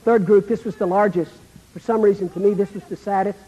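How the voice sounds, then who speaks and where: A Southern American man preaches a sermon in a high, husky, warm voice, speaking briskly with fairly even intonation. His delivery is dramatic: when he acts out the people he quotes, he drops almost to a whisper. The recording carries the long reverb of a hall.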